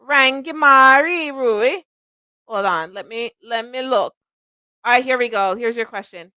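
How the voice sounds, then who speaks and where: A woman's voice: a little high, normal speed, fairly bright tone, clear, resonant tone, dry recording. A middle-aged woman hosting a psychic livestream, chatting casually and rambling, laughing at herself often.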